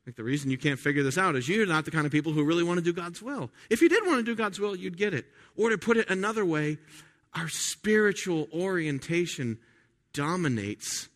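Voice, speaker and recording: Here a man preaches in a conversational style, his voice a little high. He keeps restarting and asking rhetorical questions, moving from soft side remarks to loud, emphatic statements.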